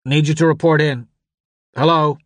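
Narrator doing a terse radio deputy, raised pitch, short and businesslike. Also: male voice, steady tone, moderate pace, no echo, natural voice.

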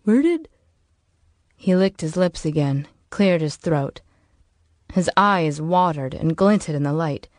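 A woman narrates a novel for an audiobook. Her delivery is measured and even, in a slightly low voice. The sound is dry and close to the mic. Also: no echo. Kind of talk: scripted narration.

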